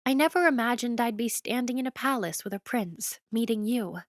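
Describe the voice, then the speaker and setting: A woman's voice: fairly high pitch, brisk, no room sound, studio quality, pitched above the performer's own voice, natural voice. A woman voicing an outspoken, snarky young heroine in an audiobook, speaking bluntly. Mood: frank. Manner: blunt and frank.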